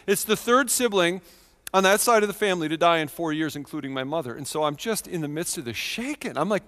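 A man in his thirties preaching a sermon in a church, telling a personal story with earnest feeling and swings from quiet to loud. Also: fairly high pitch, lively intonation, fast, long reverb tail. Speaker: pastor.

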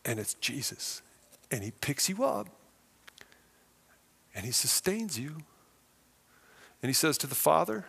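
Male pastor preaching, lively storyteller, kinda high voice, big echoey church. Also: measured pace, gravelly, long pauses. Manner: animated, vivid storytelling. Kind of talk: sermon. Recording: long hall reverb.

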